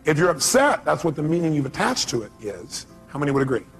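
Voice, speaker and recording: A man's voice: a little high, sing-song, quick pace, soft background music. A man speaking live at a seminar, emphatic and repeating his key phrases, firing questions at the audience. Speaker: motivational speaker. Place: seminar hall.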